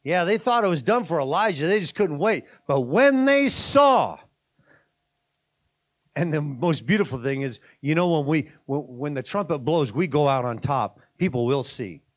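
A man with a notably high voice delivers a sermon. He slips between casual asides and emphatic, driving preaching. He sounds middle-aged. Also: fairly quick, hardly any pauses. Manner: conversational preaching, rising to emphatic bursts, asides and laughs. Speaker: pastor.

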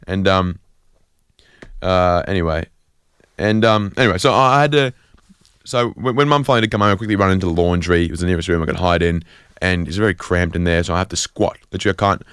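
A man's voice: sits low, fast talker, a bit bright, clean tone, no room sound. An Australian man hosting a community radio show, rambling through a self-deprecating comic monologue with lots of fillers and restarts. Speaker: radio host.

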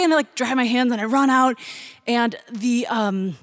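Young woman telling a funny story, kinda high voice, laughs a lot, dry close sound. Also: normal speed, no room sound. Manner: animated, laughing, mimics excited voices. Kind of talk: personal story told to an audience.

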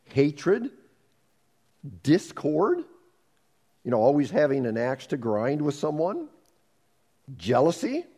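Pastor guy preaching sunday service, kinda high voice that swoops up and down a lot, acts stuff out. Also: takes it slowly, long pauses, slightly rough. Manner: animated preaching, acts out inner voices, repeats words. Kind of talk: sermon.

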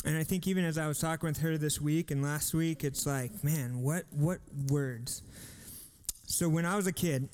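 Chatty youth pastor with a lifted voice. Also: male voice, on the high side, fairly even intonation, darkish tone. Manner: reads words aloud slowly, chatty asides. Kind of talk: sermon.

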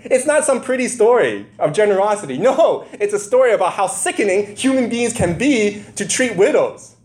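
A man delivers a sermon in a loose, conversational way, often checking in with his listeners through rhetorical questions. His somewhat high voice is very lively, leaping up and down as he presses his points. He builds into emphatic, impassioned runs. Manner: emphatic, rising to impassioned bursts. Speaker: pastor.

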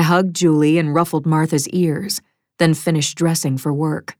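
Low-voiced woman narrating a thriller. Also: steady tone, measured pace, a little mellow, no echo, studio quality. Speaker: audiobook narrator. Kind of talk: first-person thriller narration. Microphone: close studio mic.

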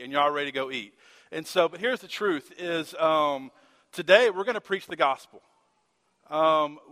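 A man's voice: on the high side, bright, forceful tone. A man, a pastor preaching a sermon and telling a candid, self-mocking personal story in a church. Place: church sanctuary. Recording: reverberant church hall.

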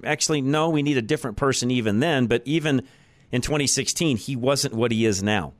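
A man's voice: mid-range voice, lively intonation, fast talker, no room sound. A man hosting a talk radio show, delivering a blunt, opinionated monologue and repeating his points for emphasis. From United States. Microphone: studio microphone.

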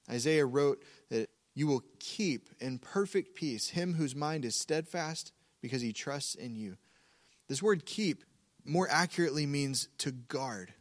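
A male pastor preaching a sermon in a calm, measured way, slowing down to repeat key words for emphasis. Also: medium pitch.

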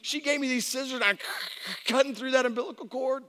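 Middle-aged male pastor, very high bright voice, animated storyteller, big reverberant hall. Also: fast. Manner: animated storyteller, acting out voices and shouting for effect. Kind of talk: sermon with a personal story. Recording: long reverb of a large hall.

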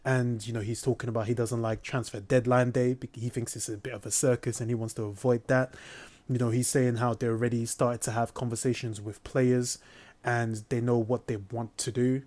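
Blunt, animated man. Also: medium pitch, fairly quick. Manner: blunt, swears, animated opinions. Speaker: podcast co-host. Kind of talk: casual football chat.

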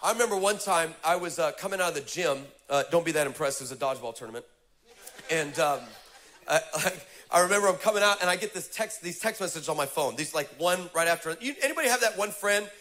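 A male pastor preaching a sermon, telling a funny story with lively, humorous delivery and building to fervent exhortation. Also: fairly high pitch, quick pace.

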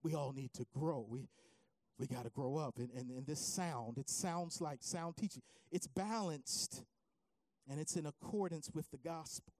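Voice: mid-range voice, moderate pace, no room sound. Dry, close preacher delivering a sermon. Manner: rises from calm teaching to shouted, sing-song preaching. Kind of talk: sermon with storytelling.

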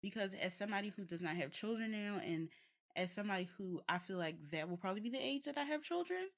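A young woman chatting casually as a podcast co-host. She tells stories in a lively, rambling way, with plenty of fillers and restarts and frequent laughter. Her voice sits at a middling pitch for a woman. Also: fast talker, creaky. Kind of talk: casual chat.

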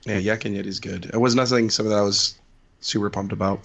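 A man's voice: lowish voice, steady tone, fast, creaky, fairly bright tone. A man co-hosting a casual podcast chat, rambling with lots of fillers and restarts. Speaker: podcast co-host.

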